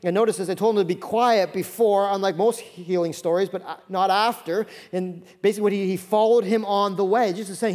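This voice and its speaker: A man in his thirties preaching a sermon as pastor, acting out the Bible figures in quick voices. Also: high-pitched, long reverb tail. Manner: animated, acts out Bible characters in quick voices.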